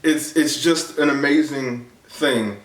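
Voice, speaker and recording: A man's voice: takes it slowly, recorded from a distance. A man from the United States talking in a casual, earnest monologue, rambling with many fillers and restarts. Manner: grows animated and higher when excited. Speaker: vlogger. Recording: echoey room, off-mic.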